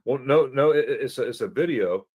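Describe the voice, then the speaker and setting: A man telling a travel story as a podcast guest, animated and stumbling over repeated words while he acts out the dialogue. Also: medium pitch, brisk, breathy edge. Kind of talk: casual anecdote telling.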